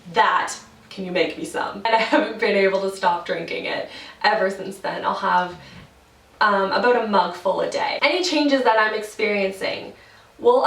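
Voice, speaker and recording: A woman's voice: medium pitch, fairly bright tone. Chatty young woman in a roomy space. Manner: chatty and rambling, many "like" fillers, laughs often. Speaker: vlogger. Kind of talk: casual vlog chat. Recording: roomy, from a distance from the mic.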